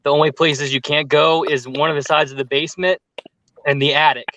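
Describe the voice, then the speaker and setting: A man telling a story with lots of fillers in casual chat on a group call, animated and talkative. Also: a little high, fairly quick, dry recording, rough recording. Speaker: paranormal youtuber telling a story.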